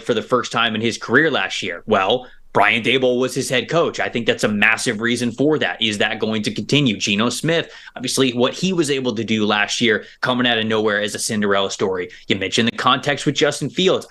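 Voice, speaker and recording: A man co-hosting a casual sports discussion as a football analyst, speaking over a remote video call and thinking out loud with quick repeated starts. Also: medium pitch.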